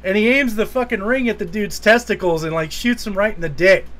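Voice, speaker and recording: A man's voice: sits high, a little fast, fairly bright tone. A man co-hosting a casual movie podcast, rambling through scenes, swearing freely and laughing as he retells them. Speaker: podcast co-host. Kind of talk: casual movie review chat.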